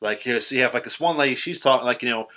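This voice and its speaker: A man co-hosting a podcast, casually recapping a film in a profane, animated way and acting out quotes with sudden shouts. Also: medium pitch, rapid-fire. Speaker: podcast co-host.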